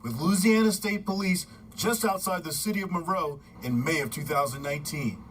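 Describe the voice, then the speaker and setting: A man delivering a scripted news report in a measured, formal way. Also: on the high side, far from the mic, a little hiss or hum, poor audio. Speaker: news correspondent.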